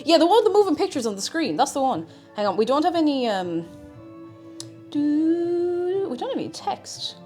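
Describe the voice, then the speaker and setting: Irish woman streamer, slightly high, very animated delivery, scatterbrained kitchen chatter over faint music. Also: normal speed. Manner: chatty and scatterbrained, hums little tunes. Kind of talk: casual live-stream chat while cooking.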